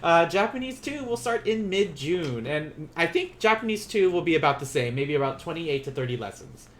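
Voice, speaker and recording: A man runs a live-streamed beginner language lesson, his pitch swinging widely as he explains. He talks casually, laughs easily and stops to correct himself mid-sentence. Faint keyboard typing clicks along behind him. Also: very animated, fairly bright tone, a little hiss or hum. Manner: chatty, self-correcting, quick to laugh. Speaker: Japanese teacher.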